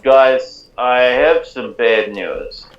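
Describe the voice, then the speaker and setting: A man's voice: mid-range voice, extremely slow, faint music behind. A man playing a tabletop game, chatting in a wry, lecturing way. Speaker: player. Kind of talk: casual tabletop game chat. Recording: echoey room, dull lo-fi sound.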